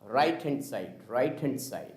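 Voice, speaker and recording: A man teaching a live online chemistry class, talking slowly and repeating himself as he calls his students kids. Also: medium pitch, animated, noisy background. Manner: slow, repetitive, addresses students as kids.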